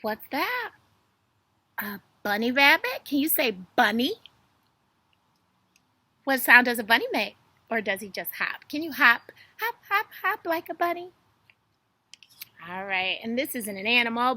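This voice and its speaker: A woman's voice: a little high, sing-song, a little slow, pauses often, bright, forceful tone, no echo. A young woman reading a story and doing animal flashcards for toddlers in a sing-song, exaggerated way. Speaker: children's video host.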